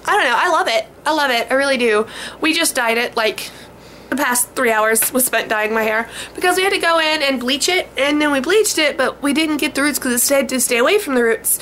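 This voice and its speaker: A woman chatting in a casual vlog into a camcorder, bubbly and excited, with many fillers. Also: sits high, a little fast, a little hiss or hum. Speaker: vlogger.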